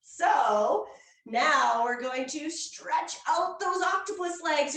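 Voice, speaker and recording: Woman yoga instructor, playful and encouraging with kids, unhurried, echoey hall heard from a distance. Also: high voice. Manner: playful and encouraging, with cheery whoops. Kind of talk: leading a children's yoga class. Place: indoor hall at a public fair. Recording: echoey room, voice from far off.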